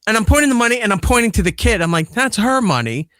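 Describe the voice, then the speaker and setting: Profane, animated man telling a story. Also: extremely high pitch, racing, clear, resonant tone, dry recording, clean studio sound. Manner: profane, animated retelling that acts out quoted lines. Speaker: podcast host and father. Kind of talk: casual storytelling chat.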